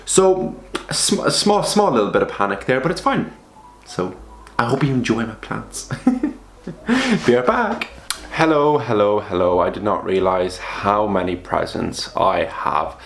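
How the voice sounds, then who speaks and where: A man's voice: on the low side, animated, normal speed, reverberant. Chatty young man vlogging at home. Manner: chatty, self-mocking, rambling. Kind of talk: casual vlog chat. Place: apartment at home.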